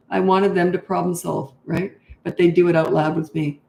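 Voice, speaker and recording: A woman's voice: lowish voice, flat delivery, moderate pace, creaky, hardly any pauses, dark tone. An older woman, a parenting coach, answering interview questions in a frank, chatty way and laughing easily. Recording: roomy echo.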